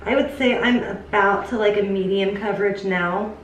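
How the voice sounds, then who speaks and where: A woman's voice: mid-range voice, steady tone, moderate pace, distant mic, muffled recording. A young woman casually reviewing makeup for her channel, chatty and enthusiastic, talking straight to her viewers. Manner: chatty, enthusiastic, addresses viewers as "you guys". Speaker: beauty vlogger. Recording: echoey room, voice a little off-mic, faint hiss.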